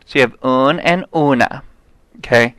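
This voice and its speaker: A man teaching a Spanish lesson, explaining grammar step by step and checking in with "okay?", saying example words slowly. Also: medium pitch, a bit bright, no echo, low-quality recording. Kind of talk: recorded classroom lesson.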